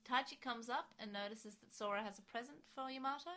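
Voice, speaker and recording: A woman's voice: fairly high pitch, fairly quick, sharp tone. A woman co-hosting a podcast in casual chat, gushing as she recaps. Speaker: podcast co-host.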